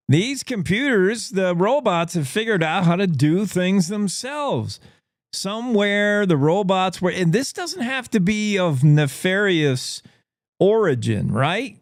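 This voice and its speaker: Male morning show host, slightly high voice, dry close sound, playful storyteller. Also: no room sound. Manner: playful, spins speculative stories. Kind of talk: talk radio monologue.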